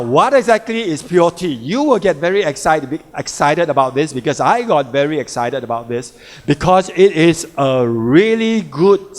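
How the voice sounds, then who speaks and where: A man's voice: fairly high pitch, in a large hall. A man, a health coach, explaining a product to an audience in short repeated phrases and questions. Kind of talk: product presentation talk.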